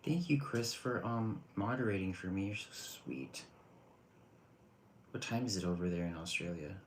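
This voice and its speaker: A man with a very low voice talks through tarot readings in a loose, rambling way, restarting his sentences as he goes. A steady hiss and small clicks sit under his voice on this home stream. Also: brisk, low-quality recording. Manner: chatty, rambling, restarts often. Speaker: tarot reader. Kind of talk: casual livestream reading.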